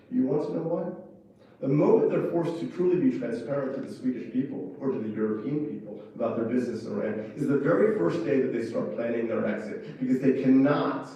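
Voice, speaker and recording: A former ambassador gives an impassioned speech in a conference room, driving each point home with fervent emphasis. His medium-pitched voice is mellow and dark, heard from a distance across a strongly echoing hall.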